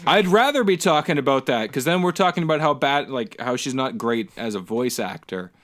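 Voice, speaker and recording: A man on a casual movie podcast rants about what bugs him, sounding exasperated and leaning on "like" as he talks. He has a voice of middling pitch for a man. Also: lively intonation, a little fast, fairly bright tone. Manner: ranting, exasperated, lots of fillers. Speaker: podcast co-host. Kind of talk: casual chat.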